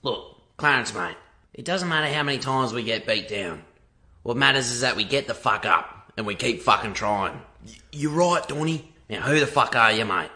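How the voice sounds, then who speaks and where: A man playing a gruff guy giving a coarse, swearing pep talk in a played clip. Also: mid-range voice, expressive, normal speed, bright, forceful tone. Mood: pumped up.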